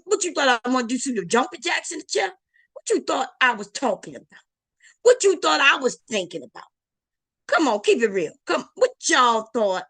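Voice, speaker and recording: A middle-aged woman hosting a casual livestream, loud and joking, swearing freely and talking straight to her chat. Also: high-pitched, no room sound. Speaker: livestream host.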